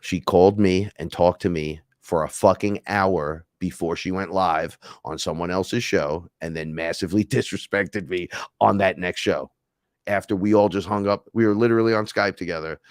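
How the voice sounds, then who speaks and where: A man's voice: sits low, moderate pace, no room sound, clean studio sound. A man hosting a casual livestream, talking in a heated, rambling, profane way. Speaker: podcast host.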